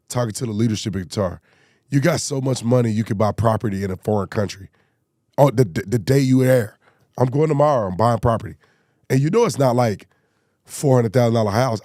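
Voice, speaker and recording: A man on a commentary show vents in an exasperated, repetitive rant and keeps piling up rhetorical questions. His voice sits on the low side with a warm, mellow tone. The sound is close and dry. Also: no room sound. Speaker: political commentary host.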